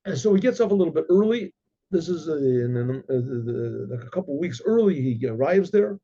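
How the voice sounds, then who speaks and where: A man, a rabbi, telling a story in an animated, halting way. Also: on the high side, husky. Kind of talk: oral storytelling. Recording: dull lo-fi recording.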